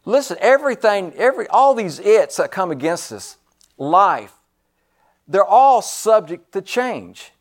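A man preaching a sermon, emphatic and repetitive, swinging between loud stresses and hushed asides. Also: high-pitched, very animated, measured pace.

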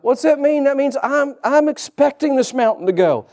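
High-voiced animated male preacher. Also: moderate pace. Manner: animated preacher calling out to the congregation. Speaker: pastor. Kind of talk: sermon.

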